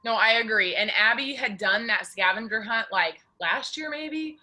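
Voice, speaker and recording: A woman's voice: fairly high pitch, lively intonation, normal speed, sharp tone. A woman leading a casual group video call, chatty and peppering her talk with "like". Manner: chatty, heavy use of "like". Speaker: team leader hosting a video call.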